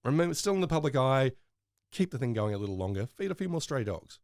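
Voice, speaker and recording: A man's voice: medium pitch, sing-song, fast, a little mellow, dry recording, clean studio sound. A man co-hosting a casual podcast, joking and wandering into asides. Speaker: podcast co-host. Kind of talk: casual chat.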